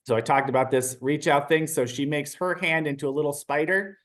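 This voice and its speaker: A man leading a live online training, animated and chatty, often asking the audience questions. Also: a little high, a little fast.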